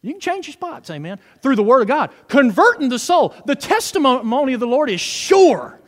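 A man's voice: very high voice, sing-song, normal speed. A man preaching a fervent sermon, peppering his words with hallelujahs and praise God. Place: church sanctuary. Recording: reverberant hall.

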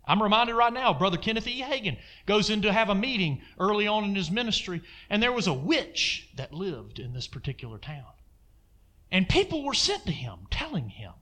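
A man's voice: high-pitched, sing-song, normal speed, pushed and bright. A man preaching a sermon in an emphatic way, throwing asides like "amen?" to his congregation.

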